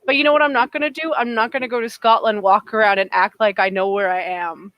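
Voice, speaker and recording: A woman with a fairly high voice holds forth in casual podcast chat, emphatic and opinionated and often restarting her sentences. The sound is dry and close, with no room in it. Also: fast, dry recording, dull audio. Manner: animated, emphatic, with frequent restarts. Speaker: podcast co-host.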